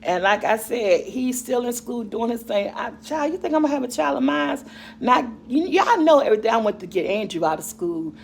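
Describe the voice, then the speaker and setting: A woman's voice: fairly high pitch, lively intonation, normal speed, gravelly, a little hiss or hum. A middle-aged woman vlogger and mother, chatting casually and rambling to her viewers about their comments, laughing often.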